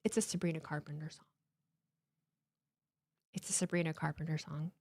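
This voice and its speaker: A woman in her thirties hosting a live watchalong stream, chatting casually from home in an animated, emotional way, swearing freely and restarting her sentences. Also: low-pitched, normal speed. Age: 30s.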